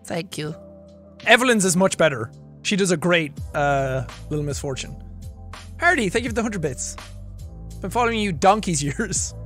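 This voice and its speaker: Lively Irish man chatting on stream. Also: high voice, faint music behind. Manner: animated, quick asides, laughs between remarks. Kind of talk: casual livestream chat reading viewer messages. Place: home recording room.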